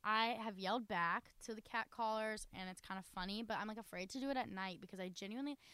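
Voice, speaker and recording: A woman's voice: medium pitch, quick pace, pushed and bright, clear, resonant tone, dry recording. A young college woman from North Carolina, chatting casually with a friend and using lots of "like" fillers. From North Carolina, US Southern. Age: young adult. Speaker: college student co-host. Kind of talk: casual chat.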